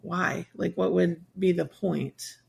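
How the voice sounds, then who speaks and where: A woman's voice: fairly low pitch, steady tone, takes it slowly, vocal fry, a little mellow. A woman in her sixties, a guest on an interview podcast, telling her story candidly and at length, sometimes acting out what people said. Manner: candid, rambling, acts out quoted voices. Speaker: guest, survivor advocate.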